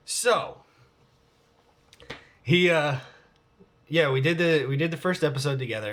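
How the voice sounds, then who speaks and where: A man's voice: fairly high pitch, moderate pace, long pauses. A man in his forties answering viewer questions on his vlog in a rambling, candid way, swearing freely. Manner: rambling, profane and candid, with frequent fillers. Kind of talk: casual vlog Q&A.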